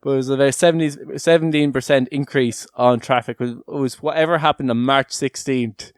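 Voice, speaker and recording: A man's voice: mid-range voice, steady tone, a little fast, dry recording, clean studio sound. A young Irish man hosting a podcast in casual chat, talking loosely with many fillers and frequent laughs. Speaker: podcast host.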